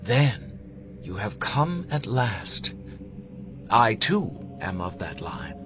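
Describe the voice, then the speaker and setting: A man voicing an ancient, weary immortal who speaks slowly and solemnly. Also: on the low side, sing-song, heavily acted. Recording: dull lo-fi audio with music behind.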